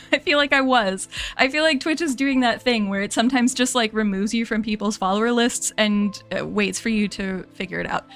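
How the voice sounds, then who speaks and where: A woman's voice: on the high side, moderate pace, a bit bright, soft background music. A young American woman streamer, chatting casually to her viewers, rambling and laughing and correcting herself as she goes.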